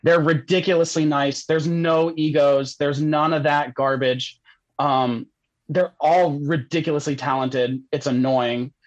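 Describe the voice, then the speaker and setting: A man's voice: a little high, fairly even intonation, a little slow, no room sound, muffled recording. A young man telling a story as a podcast guest, casual and rambling, laughing often and saying "like" a lot.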